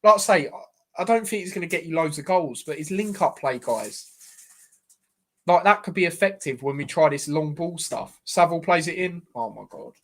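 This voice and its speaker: Exasperated fan streamer. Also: male voice, fairly high pitch, lively intonation, normal speed, a bit bright. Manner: chatty and exasperated, says "mate" constantly. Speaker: fan streamer hosting a watchalong. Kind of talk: live football watchalong commentary.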